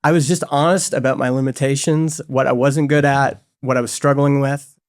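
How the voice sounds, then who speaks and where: In a relaxed conversational interview, a man in his forties who co-founded a software company speaks candidly. His voice is mid-range and his pace normal, and his chatty storytelling is full of filler words, especially "like."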